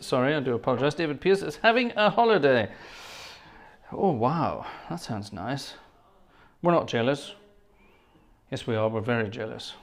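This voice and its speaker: A middle-aged man with a posh Scottish accent, a livestream host and organist, reads the chat and talks casually with viewers. His medium-pitched voice is sing-song. He's chatty and thanks people effusively with quick words like 'gosh' and 'splendid'.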